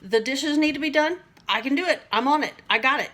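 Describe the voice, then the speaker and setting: A woman's voice: high voice, brisk, a bit bright. A middle-aged woman talking to camera in a casual, rambling way about everyday stress, acting out little voices and laughing at herself. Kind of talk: casual teaching monologue to camera.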